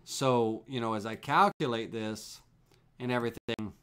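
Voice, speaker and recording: A man teaching CNC toolpaths on a live stream, explaining in a relaxed, repetitive way with fillers as he works the software. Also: mid-range voice, measured pace, clear, resonant tone. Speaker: CNC woodworking instructor.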